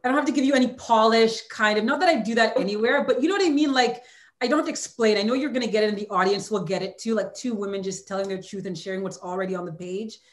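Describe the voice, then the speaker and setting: A woman's voice: mid-range voice, quick pace. Woman, 40s, interview guest; candid, heartfelt, close to tears at moments; roomy echo. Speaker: author and former hurdler, guest. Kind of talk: emotional interview conversation.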